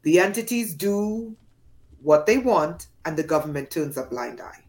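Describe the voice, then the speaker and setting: Woman from Trinidad and Tobago, podcast guest, dramatic storyteller, lively swooping pitch. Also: measured pace. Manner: dramatic, emphatic storyteller, acts out voices. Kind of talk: storytelling in an interview.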